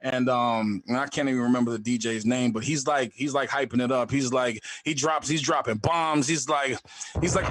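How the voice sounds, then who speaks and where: A young adult man telling a comic story in a live storytelling show, animated and acting out other voices. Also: medium pitch, normal speed. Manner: animated, acts out voices in a loud hype.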